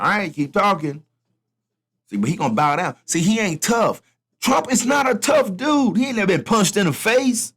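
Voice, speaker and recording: Man, fairly high voice, lively swooping pitch, casual rant, repeats himself, talks to viewers. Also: moderate pace, slightly rough. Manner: animated, repetitive, talks straight to viewers. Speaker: vlogger commenting on politics.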